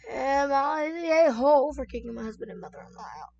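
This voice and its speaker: Brief: high-pitched woman, chatty story reader, talks straight to her viewers with lots of asides. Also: brisk, gravelly, darkish tone, muffled recording. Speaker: content creator reading online stories. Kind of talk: casual story reading and reacting. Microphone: desk microphone at lowered sensitivity.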